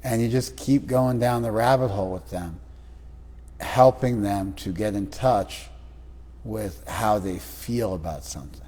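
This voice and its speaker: A man with a slightly husky voice leads a lively class, teasing his students and acting out little scenes. His voice carries a long reverb from a large room. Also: fairly low pitch, unhurried. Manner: teasing, animated, acts out quoted voices. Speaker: spiritual teacher leading a class.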